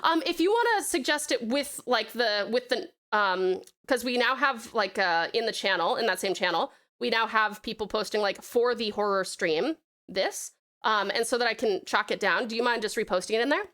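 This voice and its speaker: A woman's voice: on the high side, normal speed, a bit bright. A woman from the United States with a blended American and Australian accent, chatting as a streamer while drawing. She reads viewer messages aloud and thanks people with pet names. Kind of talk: casual live-stream chat while drawing.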